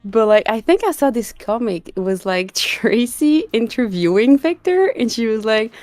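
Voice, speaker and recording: A French-speaking woman telling a story in casual chat, giggly and animated. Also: a little high, moderate pace, hardly any pauses, dry recording, faint music behind.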